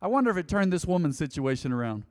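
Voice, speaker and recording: A man preaching a sermon as pastor, telling stories with lively swings between loud and soft delivery. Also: on the high side, fast, long reverb tail.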